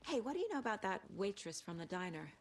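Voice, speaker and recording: An actress playing a calm, focused female FBI agent in a video game, speaking in a level, businesslike way over faint game ambience. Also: mid-range voice, fast talker, a little hiss or hum. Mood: steady.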